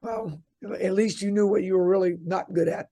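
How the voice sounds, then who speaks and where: A man's voice: high voice, fairly even intonation, normal speed, warm tone. A middle-aged man, a college basketball coach, telling rambling, chatty anecdotes as an interview guest, with many restarts.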